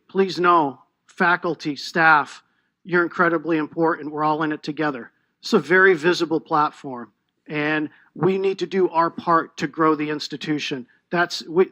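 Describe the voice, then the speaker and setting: A man's voice: a little high, a bit bright, lo-fi sound. A man, the new athletic director, giving an earnest introductory press conference speech with restarts and emphatic repetition. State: emotional, voice catching.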